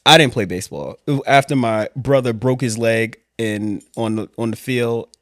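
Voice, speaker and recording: A man from Queens, telling stories in a casual, animated vlog chat. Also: medium pitch, no room sound, studio quality. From Queens, New York. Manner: animated, quick asides and laughs. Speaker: vlog host telling his story.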